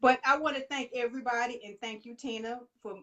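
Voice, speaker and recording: A woman's voice: a little high, fairly even intonation, quick pace, bright, forceful tone. A woman from Texas, hosting a live online interview and hyping up her viewers. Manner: upbeat, hypes viewers, says y'all. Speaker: interview host. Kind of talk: casual live show sign-off.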